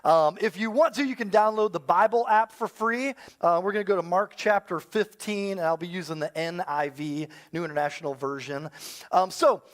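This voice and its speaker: A man's voice: high-pitched, moderate pace. A man in his thirties, a pastor preaching a sermon, telling a story with self-deprecating humor. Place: church service with live audience.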